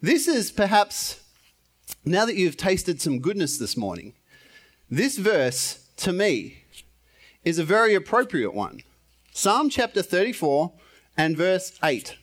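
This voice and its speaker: Playful, lively-voiced male pastor. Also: high-pitched, takes it slowly, pauses often. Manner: playful, chatty, laughs often, self-deprecating. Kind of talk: informal sermon. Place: church.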